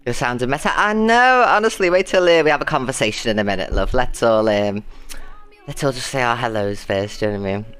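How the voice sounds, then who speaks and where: A woman's voice: very deep voice, expressive, fast, fairly bright tone, clear, resonant tone. A woman chatting casually on a live stream, greeting and thanking her viewers by name and turning defiant about an abuser. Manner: chatty, greets viewers and calls them loves and babes.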